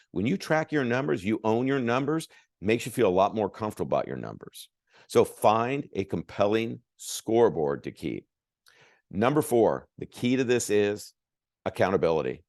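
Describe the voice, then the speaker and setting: A man's voice: on the low side, gravelly, no room sound, studio quality. A man giving a motivational sales talk as a coach, acting out both sides of conversations. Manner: animated, acts out both sides of dialogues.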